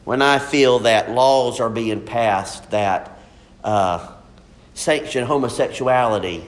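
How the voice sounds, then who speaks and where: A man's voice: medium pitch, slow. A man preaching a sermon in a folksy, emphatic way, repeating his points.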